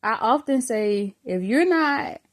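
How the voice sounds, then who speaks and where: A woman's voice: fairly high pitch, lively intonation, slow pace. Earnest woman sharing a spiritual testimony. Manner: earnest, conversational, many fillers, addresses viewers as brothers and sisters. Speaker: faith vlogger recounting a vision. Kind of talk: spoken personal testimony.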